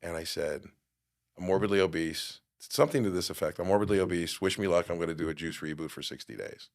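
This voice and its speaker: A middle-aged man with a somewhat low voice tells a personal story on a podcast. He acts out other people's lines and swings from quiet asides to loud outbursts. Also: fast. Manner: animated storyteller, acts out quotes with big jumps in loudness. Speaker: guest.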